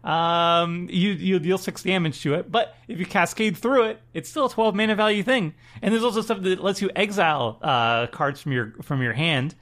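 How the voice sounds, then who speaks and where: A man co-hosting a casual podcast, talking in an animated way, laughing and acting out quoted voices. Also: high-pitched, normal speed, few pauses. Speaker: podcast co-host. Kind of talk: casual chat.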